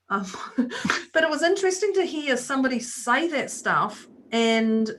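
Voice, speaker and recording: A woman's voice: high-pitched, big pitch swings, moderate pace, fairly bright tone. Chatty woman co-host telling a story. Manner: chatty storyteller, acts out quoted voices. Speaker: podcast co-host. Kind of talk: casual chat.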